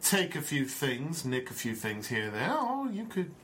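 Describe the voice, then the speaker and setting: A man's voice: a little high, huge pitch swings, fairly bright tone, slight background noise. A man doing a smug, taunting bandit. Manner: slow, taunting, drawled. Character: smug, menacing male bandit. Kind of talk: tabletop role-play.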